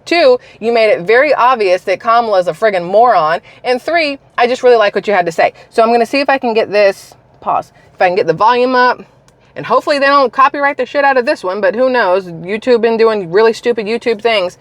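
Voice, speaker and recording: A woman's voice: a little high, brisk, no room sound. A woman vlogger giving a casual, emphatic opinion rant, talking straight to her viewers with open scorn. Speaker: political commentary vlogger.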